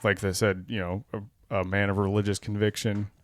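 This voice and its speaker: A man's voice: lowish voice, little pitch movement, fairly quick, no room sound. A man co-hosting a casual podcast chat, reading documents aloud, laughing often and swearing as he gets worked up. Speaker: podcast co-host.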